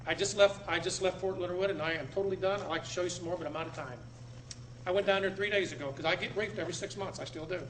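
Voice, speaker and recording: A man giving a public talk to a live audience in a room, emphatic, repeating words and swinging between loud and low. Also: fairly even intonation, very fast, a little hiss or hum. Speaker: speaker addressing an audience.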